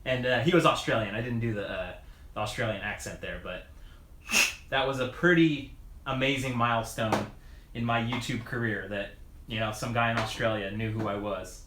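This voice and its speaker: Heavy background noise and echoey room sound surround a mid-range male voice at a moderate pace. He's a mountain bike video creator fixing his bike on a live stream, answering chat casually with lots of fillers, restarts, and chuckles.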